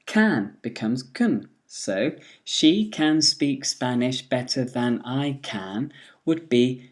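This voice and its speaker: A pronunciation teacher talking at an unhurried, deliberate pace. Each example is spoken clearly, once in the full form and once in the weak form, in a steady scripted classroom delivery. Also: medium pitch. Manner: slow, careful, models each phrase twice, full then weak form.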